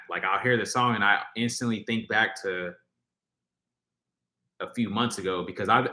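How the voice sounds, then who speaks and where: A lowish male voice with a bright, forward edge, talking loosely to his live audience. He wanders through thoughts, leaning on fillers and restarting sentences. The sound bounces around a roomy space. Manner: rambling, filler-heavy, frequent restarts. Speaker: livestream host reacting to music. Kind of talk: casual livestream chat, reading viewer comments. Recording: roomy echo.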